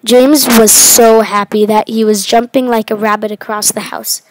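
Lady reading her story out loud, lots of restarts, higher voice, super dry. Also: steady tone, moderate pace, dry recording, poor audio. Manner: stumbling reading with restarts and fillers. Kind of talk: reading a self-written story aloud.

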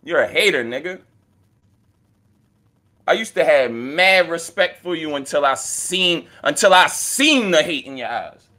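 Battle rapper, male, taunting trash talk, animated and unhurried delivery. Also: on the high side. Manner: animated, taunting, swearing, laughing. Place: indoors with friends.

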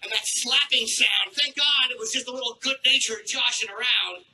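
A man doing a crude, sardonic stand-up set on a stage with a handheld mic, clearing a troubled throat now and then. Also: extremely high pitch, moderate pace, bright, forceful tone, poor audio. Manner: crude, brash and sardonic, with acted-out asides. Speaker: stand-up comedian. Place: comedy club stage.

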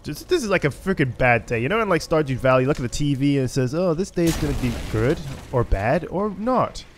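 A man's voice: on the high side, sing-song, quick pace, slight background noise. A man giving let's play commentary on a stealth shooter game, frustrated and swearing at it, with chatty asides. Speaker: gaming YouTuber.

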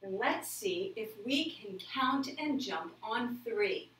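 A woman teaching a children's yoga class, counting aloud and giving gentle, cheerful cues. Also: on the high side, expressive, slow, echoey room, recorded from a distance, rough recording. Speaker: yoga instructor.

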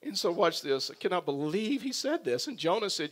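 A man's voice: sits high, big pitch swings, moderate pace, fairly bright tone. A male pastor preaching a sermon, earnest and emphatic, building his points through repeated phrases.

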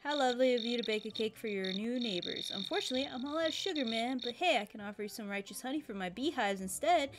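A woman doing a mellow hippie guy. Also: fairly high pitch, close to an everyday voice. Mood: laid-back. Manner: relaxed, slangy, unhurried. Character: laid-back hippie man, mellow and easygoing.

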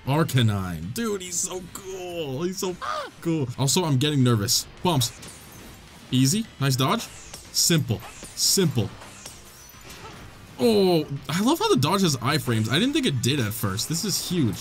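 A young man giving excitable, swearing let's play commentary, his voice jumping high when the game gets tense. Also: unhurried, long pauses, faint music behind. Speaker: gaming YouTuber.

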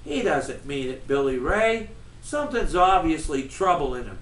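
A man reading as a gentle, hopeful mother in a storybook, heard from far off in a roomy space. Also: on the high side, sing-song, measured pace.

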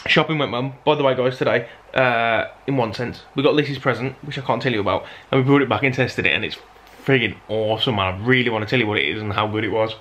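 Black Country man, casual vlogger, rambling and self-deprecating, mid-pitched everyday voice. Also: quick pace, hardly any pauses, fairly bright tone. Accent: Black Country (Dudley). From Black Country, England. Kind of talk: casual vlog chat to camera.

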